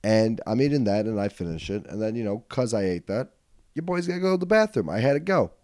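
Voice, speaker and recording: A man hosting a podcast, telling a comedic story in casual chat. He swears freely, laughs as he goes, and swings from low mutters to loud outbursts on a studio mic. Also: fast, dry recording. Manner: animated, swings from mutters to yelling. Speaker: podcast host.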